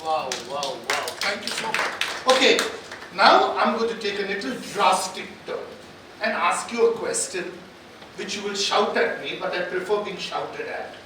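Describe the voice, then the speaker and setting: A man giving a live stage talk and drawing out the audience, energetic and coaxing, repeating phrases for emphasis. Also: sits high, normal speed. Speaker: motivational speaker addressing an audience. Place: large conference hall. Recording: echoey hall, distant, background noise.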